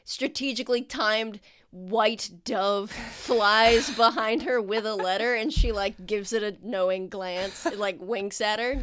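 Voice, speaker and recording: A woman's voice: medium pitch, steady tone, unhurried, few pauses, a bit bright. A woman narrating as game master in a casual, joking way with many fillers.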